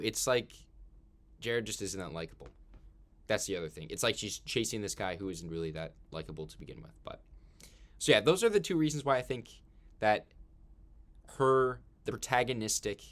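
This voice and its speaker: A man with a somewhat low voice talking through a film review in a loose, casual monologue. He is chatty and keeps dropping filler words as he thinks aloud. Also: a bit bright.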